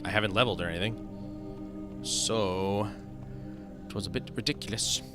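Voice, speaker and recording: A man's voice: lowish voice, normal speed. A man giving casual, rambling let's-play commentary, joking at his own expense, on a desk mic that picks up his key presses. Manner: chatty, rambling, self-deprecating. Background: game music.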